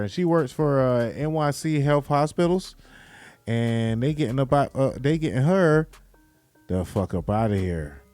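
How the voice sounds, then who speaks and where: A man's voice: mid-range voice, expressive, unhurried, a little mellow, no echo, faint music behind. Slangy podcast host man. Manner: loose, slangy, repetitive. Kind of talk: casual commentary.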